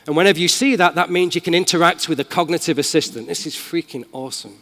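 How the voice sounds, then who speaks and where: Man, Manchester accent, keynote speaker, enthusiastic and casual, slightly high voice, long hall reverb. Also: quick pace, fairly bright tone. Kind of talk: live tech demo talk. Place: large conference hall.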